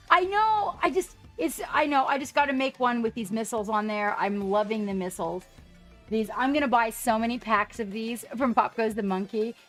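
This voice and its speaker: Excitable chatty woman, fairly high voice. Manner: excitable, chatty, greets viewers from chat. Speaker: livestream host painting miniatures. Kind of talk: casual livestream chat.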